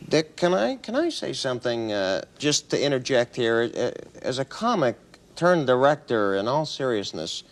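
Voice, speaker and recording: A man playing a pompous film director in a comedy sketch, bossing the set around and bursting into shouting rants. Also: medium pitch, big pitch swings, moderate pace. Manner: bossy, theatrical, erupts into shouting. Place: TV studio with audience. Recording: noisy broadcast tape.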